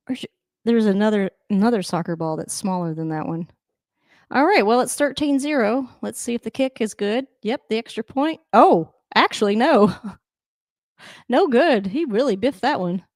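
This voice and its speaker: A woman giving casual live reaction to a football game, with wry asides and a high coaxing voice for her dogs. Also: animated, moderate pace, a little mellow, no echo, studio quality. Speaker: host of a football reaction channel. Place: at home.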